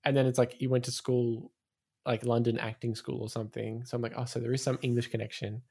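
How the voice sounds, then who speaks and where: A man's voice: mid-range voice, level tone, quick pace, gravelly, a little mellow, breathy edge. A man chatting casually about a film, joking and laughing often. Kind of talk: casual film review chat.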